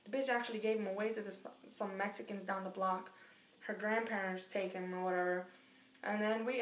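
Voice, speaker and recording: Animated, cursing New woman. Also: mid-range voice, a little fast, roomy sound. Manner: animated, profane, acts out quotes. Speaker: guest telling a story. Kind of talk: casual storytelling chat.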